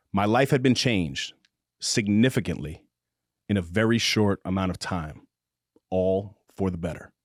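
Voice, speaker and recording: A middle-aged man hosting a podcast, reading aloud in a low, measured voice and joking between passages. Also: no echo, studio quality. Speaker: podcast host. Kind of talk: casual chat, reading a novel excerpt aloud. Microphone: studio microphone with headphones.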